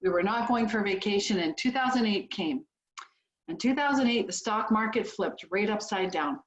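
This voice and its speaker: A woman's voice: medium pitch, expressive, normal speed. A woman in her sixties from Canada with a Canadian accent, giving a heartfelt motivational talk as guest speaker on a video call. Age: 60s. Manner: earnest, heartfelt storytelling. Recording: echoey, dull video call audio.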